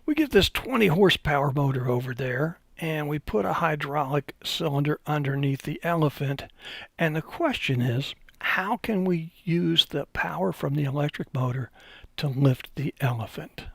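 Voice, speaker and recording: A man's voice: on the high side, lively intonation, moderate pace, gravelly, no room sound. A man giving an unscripted hydraulics webinar, telling folksy stories with some hesitations. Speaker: hydraulics instructor.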